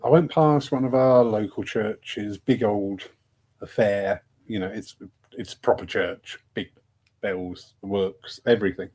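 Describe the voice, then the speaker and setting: A man's voice: lowish voice, fairly even intonation, unhurried, a little mellow, slightly rough. Guy rambling away as host, laughs at himself a lot. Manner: chatty, self-mocking, laughs often. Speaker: host of a discussion evening. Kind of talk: casual rambling talk.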